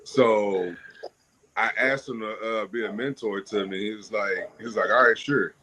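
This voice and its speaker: Lively man telling stories on a podcast. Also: fairly low pitch, moderate pace, background noise. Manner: animated, laughing storyteller. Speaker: podcast guest, businessman. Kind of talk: casual storytelling.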